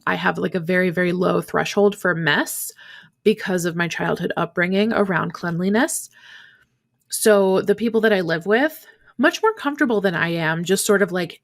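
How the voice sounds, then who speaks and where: Speaking at a moderate pace in a voice on the low side, this woman in her thirties runs a podcast by herself. Her talk is casual, chatty and candid, full of fillers.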